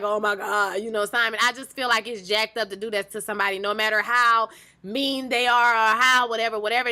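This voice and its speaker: A young woman chatting casually to her viewers as she recaps a TV episode, animated and emphatic. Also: on the high side. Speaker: TV recap vlogger.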